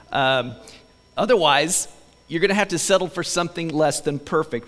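A man preaching a sermon as pastor, conversational with joking asides to the congregation. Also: medium pitch. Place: church sanctuary. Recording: long reverb of a church hall.

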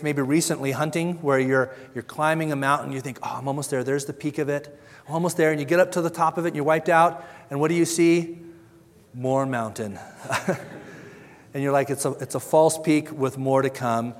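A man's voice: a little high, fairly even intonation, a little fast, long reverb tail. A man preaching a sermon, earnest and conversational, who briefly acts out the voices of the people he quotes and often repeats his words. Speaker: pastor.

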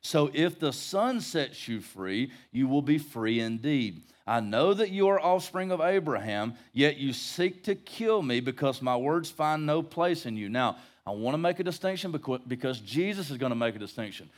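A man's voice: medium pitch, lively intonation, moderate pace, hardly any pauses. A middle-aged male pastor teaching verse by verse in a conversational sermon, with jokes and rhetorical questions to the congregation. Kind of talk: expository Bible-study sermon.

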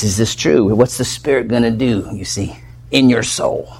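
A male pastor delivering an expository sermon with a voice of ordinary pitch for a man. He is emphatic and keeps firing rhetorical questions at the congregation. His delivery swings from loud, ringing declarations to hushed, near-whispered passages. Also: moderate pace, husky.

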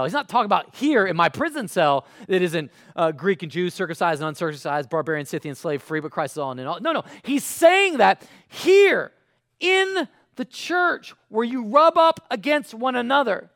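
A man in his thirties preaching a live sermon in a casual, animated way, moving between quiet asides and loud bursts. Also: sits high, gravelly, dry recording, clean studio sound. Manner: casual, uses fillers. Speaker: pastor.

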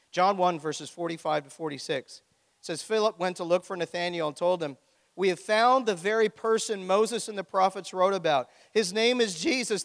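A man's voice: high voice, creaky, fairly bright tone. A man preaching a sermon as pastor, with a joking, conversational storytelling manner. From Ontario, Canada. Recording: echoey hall.

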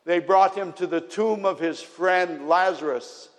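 Male pastor, slightly raised pitch, earnest sermon delivery with emphatic builds, long reverb. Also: a little slow, hardly any pauses.

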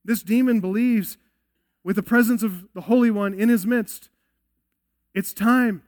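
High-voiced man preaching an emphatic sermon. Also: a little slow, pauses often, darkish tone. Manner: earnest, emphatic preaching with rhetorical questions. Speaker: pastor. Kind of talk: expository sermon.

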